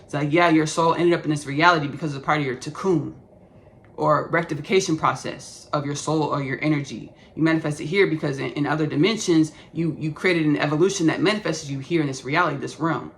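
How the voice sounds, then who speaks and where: A man's voice: on the high side, fast talker, a bit bright, slight background noise. A man in his thirties from Austin with a Texan country accent, rambling effusively through a spiritual podcast monologue, calling listeners "baby" and "y'all". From Austin, Texas. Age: 30s. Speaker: podcast host.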